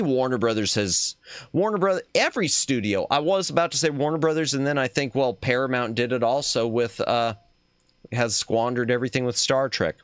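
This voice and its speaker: A man's voice: mid-range voice, no room sound. A man hosting a casual chat stream, talking in a rambling, opinionated way that trails off and restarts as he goes. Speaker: streamer host.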